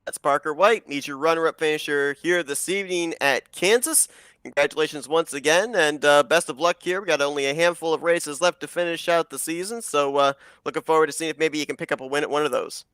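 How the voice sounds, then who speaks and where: A man's voice: fairly high pitch, a little fast, a bit bright, clear, resonant tone, no room sound. A man, a race broadcast commentator, interviewing drivers in upbeat broadcaster patter.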